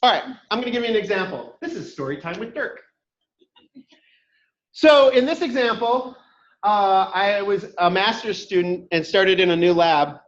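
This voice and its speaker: A boisterous, loud man teaches an online workshop, his voice pitched high and swinging widely up and down. It sounds dull and lo-fi, caught in an echoey room. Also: animated, moderate pace. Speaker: instructor. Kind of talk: online workshop talk with personal stories.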